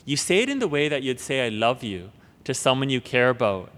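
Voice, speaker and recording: A man's voice: mid-range voice, big pitch swings, quick pace. Earnest man teaching in an echoing hall. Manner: earnest, repeats words and restarts, drops to a hush for prayers. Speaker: preacher. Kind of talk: spoken teaching on prayer. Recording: long hall reverb.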